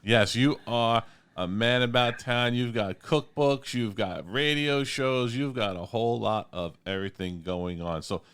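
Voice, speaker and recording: A man's voice: measured pace, smooth. A man with a Long Island accent hosting a radio show, joking and bantering with his guest. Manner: playful, jokey banter with lively swings in pitch. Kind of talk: casual radio chat.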